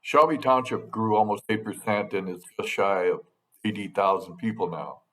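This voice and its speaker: A middle-aged man, a state legislator, delivering a prepared update to his constituents in a measured, dry manner with touches of sarcasm. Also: lowish voice, a bit bright. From United States.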